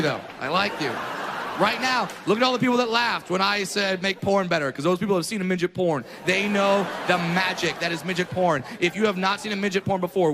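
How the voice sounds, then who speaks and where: A man doing a stand-up comedy set in front of a live audience, brash and self-mocking, jumping into loud mock voices. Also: sits high, creaky. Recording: live room with long reverb and noise.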